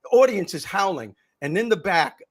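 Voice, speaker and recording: Older man telling lively stage stories. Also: high voice, moderate pace, breathy edge. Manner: animated anecdotes, acts out quoted voices. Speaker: comedian and former teacher. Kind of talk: storytelling in a podcast interview.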